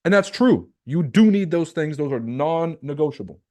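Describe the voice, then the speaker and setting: A man's voice: a little high, lively intonation, normal speed, a little mellow. A man from Lebanon hosting a livestream as a trading coach, talking bluntly and animatedly to viewers, with swearing and rhetorical questions.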